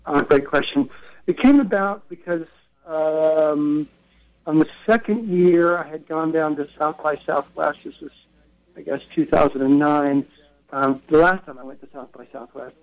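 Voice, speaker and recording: An unhurried man with a voice on the high side, guesting on the radio as co-founder of a record retail event, spins casual anecdotes while repeatedly correcting himself. The broadcast audio is dull and lo-fi.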